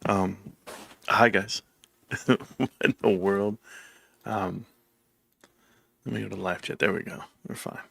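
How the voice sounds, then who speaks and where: Man, casual livestream host, bright voice, dry close sound, rambling chatty delivery. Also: fairly low pitch, steady tone, measured pace, creaky, pauses often, husky, no room sound. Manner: rambling, laughs while telling stories.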